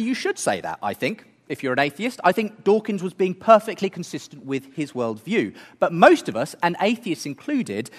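A man's voice: sits high, big-room sound. A man giving an earnest talk, building his case through rhetorical questions. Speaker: speaker. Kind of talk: apologetics talk.

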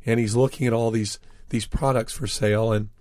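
As a guest in an interview, this author recounts anecdotes with earnest delivery, frequent fillers, and deliberate slowing on important words. His middling-pitched voice keeps fairly even intonation and a slightly mellow quality. The recording is close, dry and free of room sound.

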